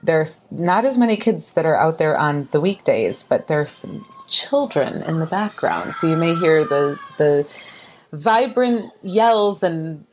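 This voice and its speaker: A woman hosting a podcast interview, bubbly and exclamatory, her voice leaping up in pitch as she gets excited. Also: a little slow, slight background noise. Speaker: podcast host. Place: apartment in a city, children outside.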